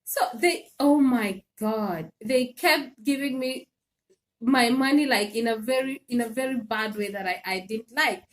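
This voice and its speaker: A woman hosting a casual livestream, telling an animated story with laughs and repeated phrases. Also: fairly high pitch, unhurried. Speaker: live stream host. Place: home in Sweden.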